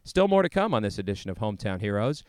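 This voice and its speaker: A man with a lowish, smooth and resonant voice reads host narration in a measured, earnest delivery. The sound is dry and close. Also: very animated, darkish tone, dry recording. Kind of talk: scripted narration.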